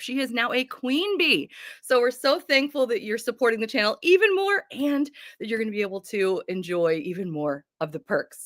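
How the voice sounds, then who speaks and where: A woman's voice: fairly high pitch, bright, forceful tone, no echo, clean studio sound. A woman from North Carolina hosting a livestream book chat, bubbly and gushing, laughing often. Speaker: host. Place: home.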